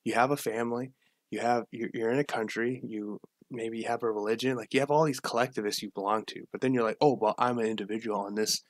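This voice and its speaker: A man's voice: mid-range voice, steady tone, quick pace, dry recording, clean studio sound. A man hosting a casual livestream, rambling with repeats and restarts and greeting viewers from the chat. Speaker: livestream host.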